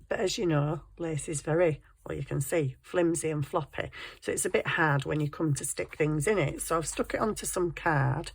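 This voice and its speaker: A woman's voice: low voice, moderate pace, vocal fry, husky, no echo. A woman with a scratchy throat, chatting casually about her crafting project and now and then addressing her cat. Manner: chatty, self-deprecating, talks to her cat. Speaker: crafting vlogger. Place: home craft desk.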